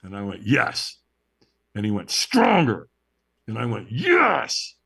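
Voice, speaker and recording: A man's voice: fairly low pitch, normal speed, creaky. A man being interviewed as a guest, telling a story with drama and often checking in with "right?". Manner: animated, dramatic storyteller who acts out the moments; checks in with tag questions like "right?".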